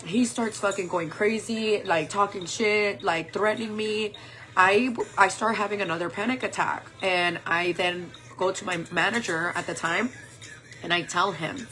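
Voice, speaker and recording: A woman's voice: medium pitch, fairly even intonation, measured pace, bright, forceful tone, soft background music. A woman in her forties telling a personal story in a candid, rambling way, full of "like" and "um". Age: 40s. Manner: rambling, candid, heavy use of "like" and "um". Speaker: makeup vlogger.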